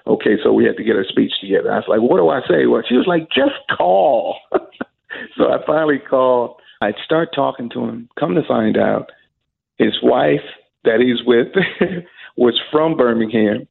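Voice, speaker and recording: A man's voice: medium pitch, moderate pace, creaky, husky. A man in an interview, telling a story animatedly and acting out the quoted dialogue. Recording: phone-like narrow band with faint music.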